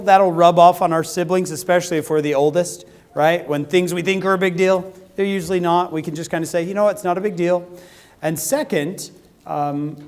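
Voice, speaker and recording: A man giving a humorous talk to a youth conference, telling a story with lively acted-out quotes. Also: fairly high pitch. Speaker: youth speaker. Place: conference hall.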